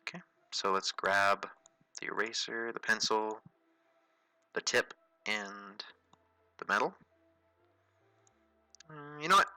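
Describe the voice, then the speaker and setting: A man hosting a livestream drawing tutorial, narrating casually as he works and thinking aloud with fillers and quick self-corrections. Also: on the low side, expressive, sharp tone, clear, resonant tone, no room sound, low-quality recording.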